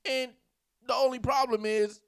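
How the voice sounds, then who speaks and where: A man hosting his channel with comedic commentary who is animated and keeps rambling into tangents. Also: very high voice, measured pace. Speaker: channel host.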